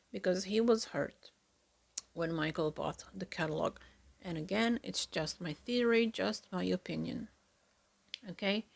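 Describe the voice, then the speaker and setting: A woman hosts her own podcast alone, speaking slowly and earnestly with a fair bit of vocal fry. Her voice sits a little low, and she chats along with fillers and the odd hushed aside. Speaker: podcast host. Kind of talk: casual solo reaction podcast.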